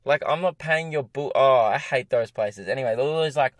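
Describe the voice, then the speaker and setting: A young Australian man rants through a solo comedy podcast from his parked car, exasperated and rambling, often poking fun at himself. His voice sits at a middling pitch. The sound is close and dry, with no room echo. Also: brisk. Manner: exasperated, ranting, self-mocking.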